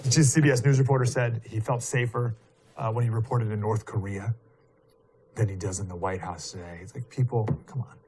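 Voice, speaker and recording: A man's voice: lowish voice, fairly even intonation, a little fast, a little mellow, breathy edge. A man giving live political commentary in a casual, rambling way, full of fillers and rhetorical questions, sounding indignant and emphatic.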